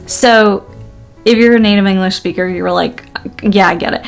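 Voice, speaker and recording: A woman teacher giving a relaxed pronunciation lesson, slowly drilling words syllable by syllable and laughing often. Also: mid-range voice, creaky, soft background music. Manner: slow, deliberate drilling with frequent laughs. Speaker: language teacher.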